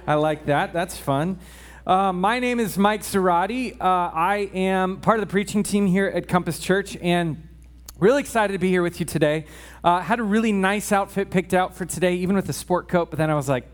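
A man's voice: sits high, moderate pace. A man preaching a casual sermon in church, chatty with joking asides and frequent check-ins with the congregation.

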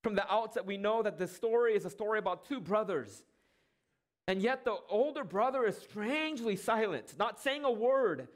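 A preacher with a high voice delivers a sermon. He asks rhetorical questions, pauses for effect and briefly acts out the lines he quotes. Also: lively intonation. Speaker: pastor.

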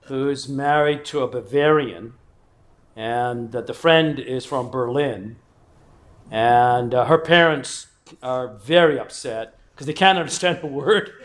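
A man's voice: fairly high pitch, fairly bright tone. A middle-aged man from England giving a casual history lecture with rambling anecdotes, chuckling asides and acted-out quotes.

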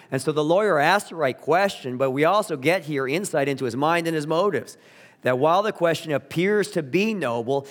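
A man preaching a sermon as a pastor, earnest and emphatic, slowing down to stress key words. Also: a little high. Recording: long reverb of a large hall.

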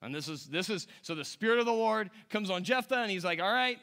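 A man's voice: high voice, lively intonation, quick pace, a bit bright, a little hiss or hum. A man preaching a chatty, conversational sermon, reading scripture aloud and adding casual asides with a few chuckles. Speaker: pastor.

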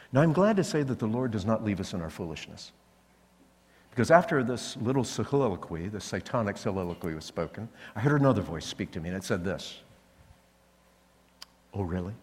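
Male preacher, lively storyteller, long reverb of a large hall. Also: lowish voice, a little fast, husky. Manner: animated storytelling, acting out voices. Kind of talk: sermon.

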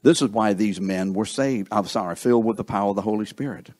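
Husky-voiced man preaching conversationally. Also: fairly low pitch, fast talker, darkish tone. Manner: conversational, asks the listeners questions, acts out quoted thoughts. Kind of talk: sermon.

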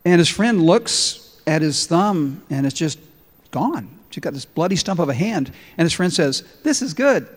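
A man preaching a sermon with emphasis, telling stories as he goes. His voice sits a little high for a man. His words trail off into a long hall reverb. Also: animated, moderate pace. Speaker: pastor.

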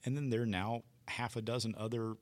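A man's voice: mid-range voice, fairly even intonation, brisk. A man in casual talk-show chat, rambling thoughtfully with plenty of fillers. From United States.

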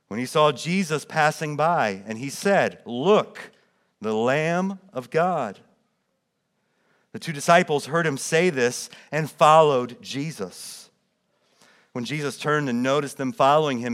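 A man preaching a sermon, reading scripture aloud and explaining it, rising in emphasis and then dropping quiet. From United States. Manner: drops soft and low when quoting quiet words. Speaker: pastor.

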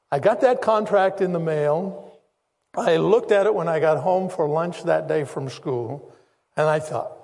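An older man preaches from the pulpit in a high-pitched voice. He tells his story earnestly and circles back on key phrases for emphasis. His voice carries a long reverb through a church sanctuary. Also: moderate pace, gravelly, a little mellow. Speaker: pastor. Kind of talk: sermon testimony.

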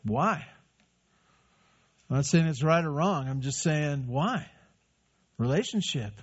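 A man's voice: a little high, lively intonation, slow pace, breathy edge, lo-fi sound. A man preaching a sermon in a conversational way, asking rhetorical questions and answering them. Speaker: pastor.

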